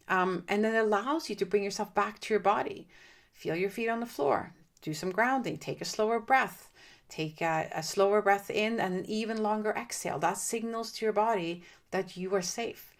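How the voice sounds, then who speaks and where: A woman hosting a solo podcast, giving gentle, reassuring coaching advice directly to the listener. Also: medium pitch, expressive, moderate pace. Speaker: podcast host and divorce coach.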